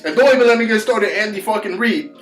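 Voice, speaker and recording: A man's voice: high voice, echoey room, soft background music. A man ranting about football in a vlog, swearing constantly and hammering his points with repetition. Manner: profane, insulting, swears constantly; rapid, forceful delivery with emphatic repetitions. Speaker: sports vlogger. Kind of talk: heated solo rant.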